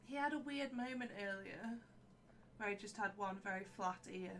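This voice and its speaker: A woman's voice: medium pitch, normal speed, fairly bright tone. A woman co-hosting a livestream, making dry offhand remarks in casual chat. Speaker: co-host on a stream.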